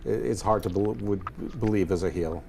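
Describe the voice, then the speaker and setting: A man with a low voice gives blunt wrestling opinions and drops dry sarcastic remarks. A faint hiss sits under his audio. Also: moderate pace, creaky. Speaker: podcast co-host. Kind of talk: casual opinionated chat.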